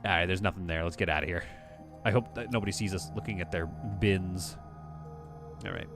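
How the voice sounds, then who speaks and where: A man's voice: sits low, a little fast, over music. A man streaming a space-building game, chatting casually, rambling, and reading viewer messages aloud. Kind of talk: casual live-stream commentary.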